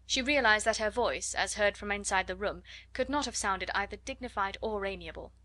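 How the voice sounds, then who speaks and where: Woman audiobook narrator, mid-pitched, expressive storytelling, dry close sound. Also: fairly quick, dry recording. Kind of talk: scripted narration.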